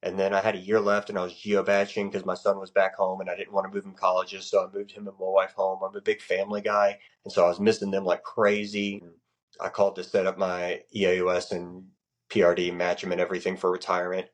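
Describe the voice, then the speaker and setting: Earnest, expressive man. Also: low voice, fast talker. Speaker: podcast guest, Navy chief. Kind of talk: casual interview conversation.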